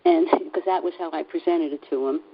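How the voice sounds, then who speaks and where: A woman's voice: low-pitched, sing-song, slightly rough. Earnest woman sharing a story, lo-fi. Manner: earnest, halting with fillers and restarts. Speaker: class participant. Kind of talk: personal story shared in a group call.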